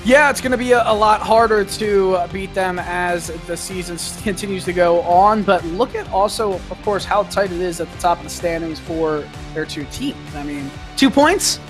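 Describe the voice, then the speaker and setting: A man's voice: high voice, normal speed, few pauses, music in the background. A man giving color commentary on an online race, chatty and rambling, often laughing. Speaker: sim racing color commentator.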